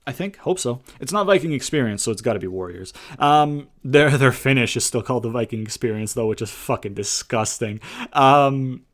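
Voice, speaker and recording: A man talking through a wrestling show review in a loose, rambling way, full of "um"s and casual swearing. He sits at a middle pitch and keeps an easygoing, conversational tone throughout. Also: lively intonation. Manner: slips into quick impressions when retelling lines.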